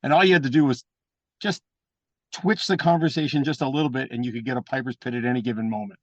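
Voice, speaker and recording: A man talks fast and bluntly as a wrestling guest, swearing freely and acting out the people in his stories. The sound is dry and a bit dull, like a lo-fi recording. He keeps the stories moving at a quick clip. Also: medium pitch, dry recording. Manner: animated anecdotes with mimicked voices; profane and blunt. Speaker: guest, pro wrestler and trainer. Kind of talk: casual storytelling interview.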